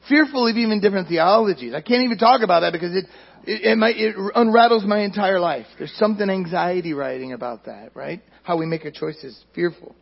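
A man preaches to his congregation in a loose, conversational sermon, often turning his points into questions for the listeners. His voice sits high and has a husky, breathy edge. The recording sounds muffled and lo-fi. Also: normal speed. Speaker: pastor.

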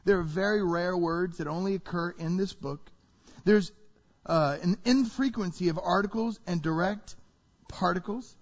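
A man preaching a sermon to a congregation, animated and full of rhetorical questions. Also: sits high, normal speed. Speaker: pastor. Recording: reverberant hall, dull sound.

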